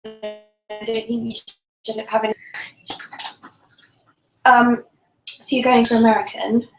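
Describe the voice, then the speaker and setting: A woman's voice: a little high, level tone, takes it slowly, faint music behind. A young woman chatting casually with a friend. She is reassuring and explains things at length. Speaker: friend helping with the stream. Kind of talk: casual chat. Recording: echoey room with faint noise.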